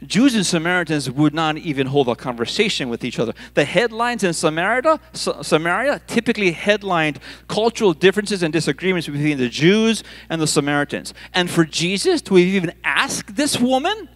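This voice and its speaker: With a slightly high voice and a slightly quick pace, the Hawaiian pastor rarely pauses. Preaching on a church stage, he tells the story playfully and with animation, repeating words as he goes.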